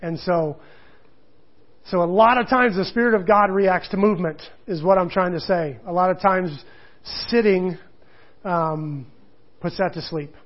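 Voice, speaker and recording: Man, pastor, high voice, rambling sermon storytelling, animated, dull lo-fi sound. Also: a little slow, pauses often. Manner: rambling, animated, many restarts. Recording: muffled lo-fi recording.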